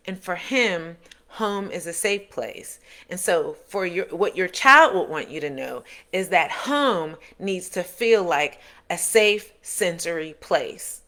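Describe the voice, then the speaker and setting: Woman, parent-advice talker, earnest coach, lowish bright punchy voice. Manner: earnest, coaching, repeats and rephrases points. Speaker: parent of an autistic son giving parenting advice. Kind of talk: direct-to-camera advice talk.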